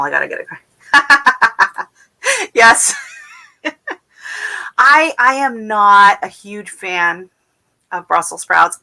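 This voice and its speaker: A woman hosting a relaxed home livestream for her gardening channel. Her voice sits a little low yet rings bright and forward. She rambles warmly, with lots of "um"s, "you know"s and restarts as she chats with viewers. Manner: rambling, warm chatter full of fillers and restarts. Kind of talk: casual livestream chat, reading viewer comments.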